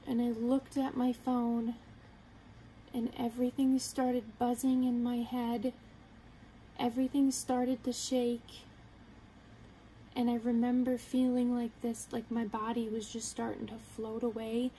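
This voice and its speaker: A young woman earnestly telling a personal story to the camera, halting and quoting her own thoughts. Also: on the high side, level tone, dark tone, slight background noise, rough recording. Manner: earnest, halting, retelling with quoted inner thoughts. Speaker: vlogger.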